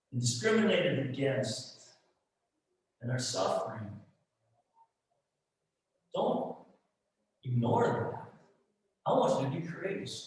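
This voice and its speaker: Man, pastor, sermon, impassioned, quiet to shouting, slightly high voice, heavy church echo. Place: church sanctuary. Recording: echoey hall, distant mic.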